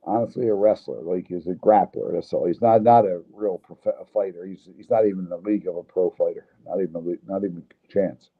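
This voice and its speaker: A man's voice: sits low, steady tone, fairly quick, few pauses, breathy edge. A man, a fight promoter, speaking as a guest in a casual interview, blunt and opinionated. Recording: tinny phone line.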